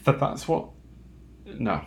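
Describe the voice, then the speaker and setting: A man talking alone at home late at night, halting and self-mocking, with lots of fillers and restarts. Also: a little hiss or hum. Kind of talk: rambling late-night monologue.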